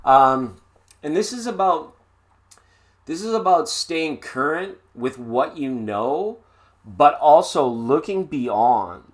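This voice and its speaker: A man's voice: a little high, expressive, takes it slowly. A man doing a live-stream tarot reading in a chatty, playful way with sing-song asides. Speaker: tarot reader.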